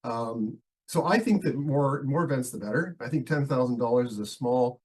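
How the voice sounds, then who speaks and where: A man with a bad head cold argues his point before a town council, his voice husky and worn thin. He stumbles and restarts often, filling gaps with hesitations as he pushes through the speech. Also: medium pitch, expressive, a little mellow, poor audio. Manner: halting, many fillers and restarts. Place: council meeting.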